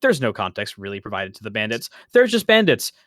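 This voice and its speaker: A man's voice: lowish voice, huge pitch swings, brisk, fairly bright tone, no room sound, studio quality. A man co-hosting a casual gaming podcast who rambles, interrupts himself and laughs often. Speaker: podcast co-host.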